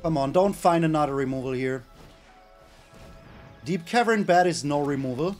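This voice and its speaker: A man's voice: a little high, moderate pace, soft background music. A man hosting his gaming channel, giving live gameplay commentary and exclaiming and groaning at each play. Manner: animated, exclaims and groans at plays.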